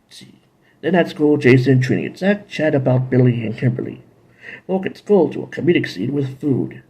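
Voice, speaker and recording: A man's voice: medium pitch, lively intonation, moderate pace, warm tone, husky. A man casually recapping and reviewing TV episodes, rambling with playful asides and bits of humming.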